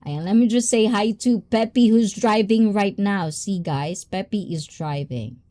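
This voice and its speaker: A woman hosting a casual livestream, excitable and giggly, hopping between languages. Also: mid-range voice, measured pace. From Philippines. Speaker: livestream host.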